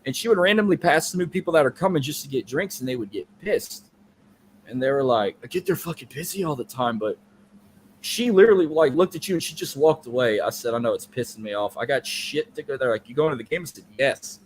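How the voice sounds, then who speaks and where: A man's voice: a little high, animated, a little fast, slight background noise. A man co-hosting a podcast, telling a long story in casual, profane, rambling chat. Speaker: podcast co-host.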